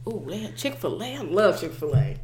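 A woman in her twenties co-hosting a casual chat, animated and playful, often acting out what others said. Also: mid-range voice, brisk, reverberant, over a noisy crowd. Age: 20s.

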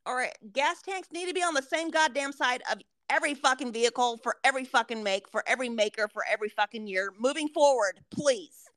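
A young woman co-hosting a podcast, telling a story in a profane, animated way. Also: sits high, fairly quick, few pauses, no room sound. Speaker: podcast co-host. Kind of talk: casual chat.

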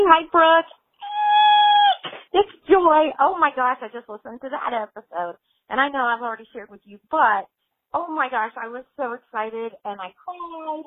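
A woman's voice: a little high, no room sound, phone-quality sound. A woman leaving a bubbly, effusive voicemail message for podcast hosts. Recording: dry phone voicemail line.

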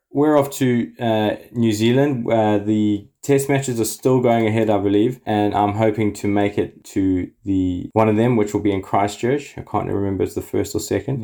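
A man's voice: on the low side, warm tone. A man giving an enthusiastic, casual cricket update as a podcast correspondent. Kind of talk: casual chat.

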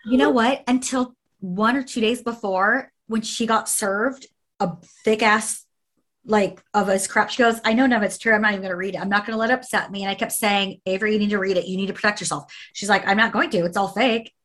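A woman's voice: medium pitch, fairly even intonation, brisk, fairly bright tone. A woman in casual conversation who tells a story emphatically, repeating phrases and swearing.

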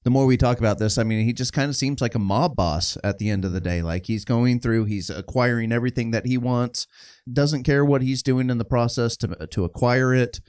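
Fortyish guy on a podcast, mid-pitch voice, thinks out loud slowly, lots of um and you know, dry sound. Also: fairly even intonation, clear, resonant tone, no echo. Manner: measured, reflective, with many fillers. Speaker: podcast co-host. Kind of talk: casual podcast chat.

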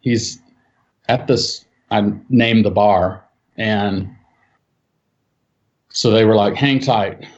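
A man stretches out his words and leaves long pauses while casually telling a story he saw firsthand. He's animated, raising his pitch to act out other people's quotes, and the recording has a dull, lo-fi quality.

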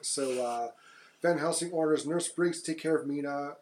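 Casual man recapping a film. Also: fairly high pitch. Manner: relaxed, recaps plot with hesitant fillers and quick voiced asides. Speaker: podcast co-host. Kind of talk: casual movie recap chat.

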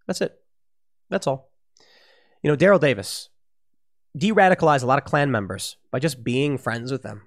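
A man's voice: medium pitch, normal speed, pauses often. A man hosting a solo political commentary show, talking emphatically and repeating words when worked up.

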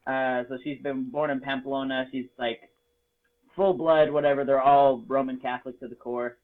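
A man from Las Vegas telling a story in a casual chat, swearing freely, joking and getting animated. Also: mid-range voice, normal speed. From Las Vegas, United States. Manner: profane, jokey and animated. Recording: tinny phone-like sound.

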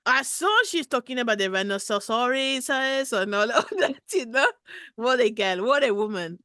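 A woman voicing a flirty male rat from Paris who calls into a podcast, with a put-on French accent and a loud, hammy manner. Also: a little high, normal speed, no room sound, studio quality. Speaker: podcast caller.

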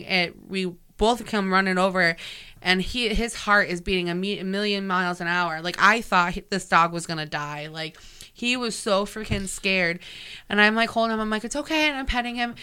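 A woman casually telling a story, animated and swearing, jumping in to finish the others' lines. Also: mid-range voice, normal speed, smooth.

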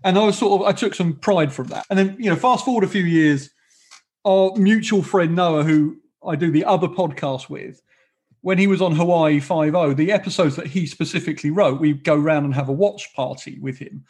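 A man's voice: fairly high pitch, moderate pace, a little mellow, slightly rough. A man hosting a podcast interview, talking in a rambling, self-correcting way as he tells stories and asks questions. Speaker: podcast host. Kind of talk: casual interview chat.

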